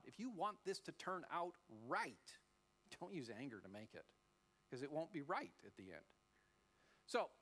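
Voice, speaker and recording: A middle-aged man preaching a sermon as a pastor, telling stories and acting out voices as he goes. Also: medium pitch. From Australia. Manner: animated storytelling, acting out voices. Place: church.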